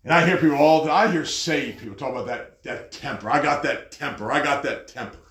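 A man preaching a sermon with an animated delivery, often jumping high in pitch as he acts out angry people. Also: brisk. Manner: animated, jumps to high pitch when mocking others. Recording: echoey room.

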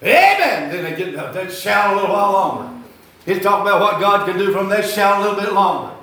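A man's voice: sits high, steady tone, fast talker, sharp tone. An older man preaching a sermon, telling folksy, rambling stories and repeating his phrases. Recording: echoey hall.

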